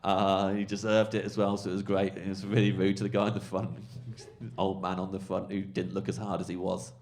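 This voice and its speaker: A male comedian telling a rambling, animated anecdote on a podcast, full of fillers. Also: deep voice, brisk, slight background noise. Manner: rambling, animated storytelling, lots of fillers and swearing. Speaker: comedian guest.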